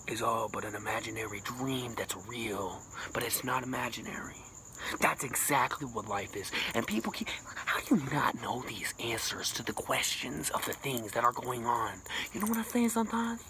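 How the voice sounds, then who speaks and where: A man rambling as a boastful mock self-help guru, jumping between loud bursts and hushed whispers with a self-described put-on accent and lisp. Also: background noise. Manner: rambling, boastful, absurd know-it-all; sudden pitch jumps and dropped whispers. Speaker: comedic vlogger.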